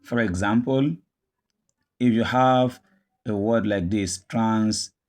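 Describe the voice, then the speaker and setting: A man's voice: lowish voice, slow, darkish tone. A man teaching an English pronunciation lesson, repeating each word several times as a drill.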